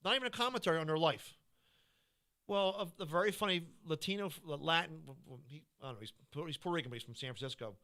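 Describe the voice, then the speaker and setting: A man's voice: a little high, fast, sharp tone. A man, a stand-up comedian, chatting casually on a podcast and telling rambling stage stories with lots of restarts and laughs. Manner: rambling, self-interrupting, laughing storyteller.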